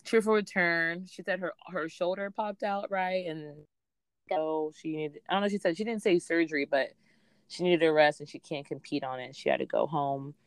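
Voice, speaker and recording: A woman co-hosting a podcast casually recaps a reality show, sharing strong opinions and acting out what other people said. Her voice sits low and smooth with fairly even intonation, at a moderate pace, and there's no echo.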